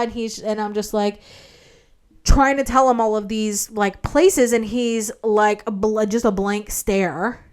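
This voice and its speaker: A woman's voice: slow, clean tone. Indignant young woman ranting, swearing freely. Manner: profanity-laden, heavy use of "like"; animated, indignant retelling with sudden jumps in pitch. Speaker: vlog host. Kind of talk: casual storytelling monologue.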